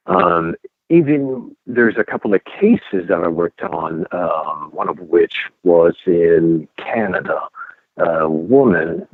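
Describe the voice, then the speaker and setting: A man's voice: low-pitched, no echo. A middle-aged man with a French accent, a paranormal investigator telling stories in a rambling way full of fillers and restarts. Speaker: paranormal and UFO investigator guest. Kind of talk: casual interview over the phone. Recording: tinny phone line.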